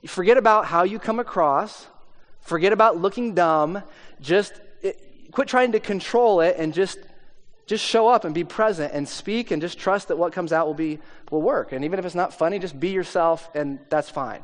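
A man's voice: high voice, normal speed. A man, a pastor, telling a self-deprecating story in a conversational sermon, with plenty of fillers. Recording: long hall reverb.

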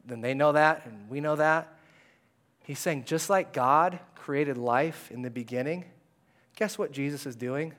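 A man with a slightly high voice delivers a sermon from a church stage. He speaks in a casual, conversational way and swings between animated bursts and hushed asides. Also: a little slow. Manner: conversational and animated, dropping to hushed tones for quoted words. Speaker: pastor. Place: church sanctuary.

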